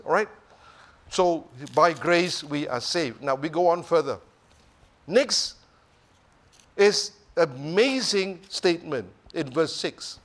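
A man preaches a sermon at a slow, emphatic pace in a high, somewhat bright voice. Again and again he pauses to check whether the congregation is keeping up.

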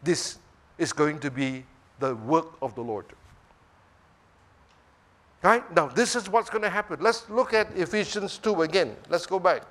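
A male preacher delivers a sermon in a high voice. He speaks slowly and emphatically. He keeps pausing to check that his listeners are following. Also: a bit bright.

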